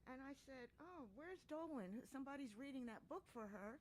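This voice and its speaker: A woman's voice: high voice, expressive, normal speed, slight background noise, rough recording. A woman in the audience asking the author a question, friendly and chatty with laughter. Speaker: audience member.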